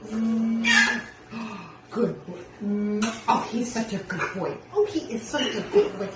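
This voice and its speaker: A woman's voice: on the high side, slow pace, music in the background. A woman coaxing her pet parrot to talk, with sing-song praise and frequent laughter. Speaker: parrot owner. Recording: echoey room, far from mic, loud noise.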